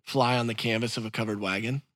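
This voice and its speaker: A man's voice: mid-range voice, steady tone, fast talker, fairly bright tone, dry recording, clean studio sound. A man co-hosting a casual podcast, joking and thinking aloud as he talks. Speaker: podcast co-host. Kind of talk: casual chat.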